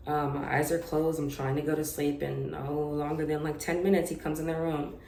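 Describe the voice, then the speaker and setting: A young woman telling a personal story to camera in an unedited confessional vlog, halting and hesitant, with many fillers and restarts. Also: deep voice, little pitch movement, vocal fry, a little mellow. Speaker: vlogger. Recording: echoey room with faint noise.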